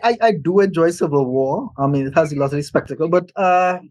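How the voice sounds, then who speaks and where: A man's voice: a little high, a little fast, a little mellow, dry recording, low-quality recording. A man who reviews films, speaking as a podcast guest and enthusiastically recalling his reactions to movies. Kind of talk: casual film review chat.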